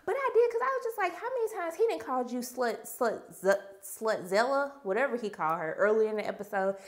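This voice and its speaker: A young woman, chatting casually about a TV episode. Her voice sits a little high, and she slips into the characters' lines as she retells scenes. Animated and talkative throughout. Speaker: TV review vlogger.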